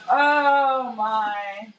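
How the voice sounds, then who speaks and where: A high-voiced woman chatting on her own live stream, laughing often as she reads and answers comments. She talks slowly and unhurriedly, amused and easygoing from start to finish. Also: fairly bright tone. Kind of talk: casual live-stream chat. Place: her home, indoors.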